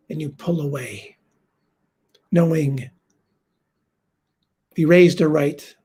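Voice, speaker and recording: Gravelly older man telling a true story. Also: on the high side. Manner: heartfelt, confiding, drops to a hush for quoted lines. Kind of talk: first-person stage storytelling.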